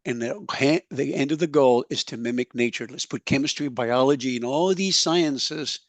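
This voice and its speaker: A middle-aged man giving an animated conference presentation, emphatic and folksy, slowing down to stress his key points. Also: mid-range voice, dry recording. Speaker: soil health speaker. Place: conference session.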